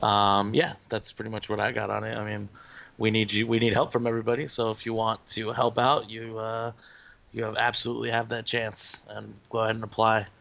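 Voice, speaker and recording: A man talking as a guest in a casual podcast chat, halting with many fillers. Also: fairly low pitch, completely flat delivery, gravelly, fairly bright tone, muffled recording.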